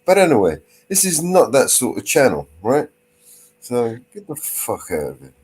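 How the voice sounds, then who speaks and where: A man's voice: mid-range voice, huge pitch swings, normal speed, a little mellow, slightly rough. A man hosting a live stream in casual chat, with blunt, crude banter. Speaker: livestream host.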